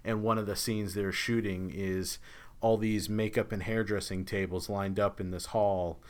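Male podcast co-host, lowish voice, loose rambling film talk. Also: flat delivery, moderate pace, clean tone. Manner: rambling, many restarts and fillers. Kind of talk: casual film discussion.

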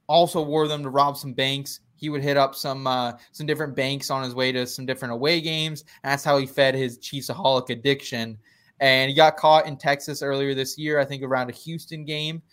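A man's voice: medium pitch, a bit bright, smooth. A man co-hosting a casual sports podcast, laughing often and stammering through restarts. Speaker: podcast co-host.

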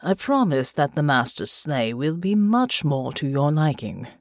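A woman reading an audiobook, voicing a polite, humble male servant in a lowered voice. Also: big pitch swings, unhurried, dry recording, clean studio sound, heavily acted. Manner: courteous, humble.

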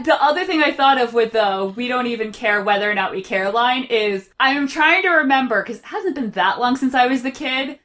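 A woman's voice: fairly high pitch, fairly bright tone. A woman co-hosting a podcast in casual, chatty talk, often laughing and playfully teasing. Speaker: podcast co-host. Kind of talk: casual chat.

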